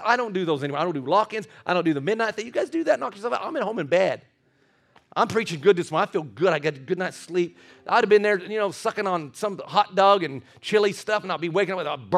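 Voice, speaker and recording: A middle-aged pastor with a fairly high voice delivers a lively sermon. He keeps stumbling over repeated words as he talks, and he laughs often.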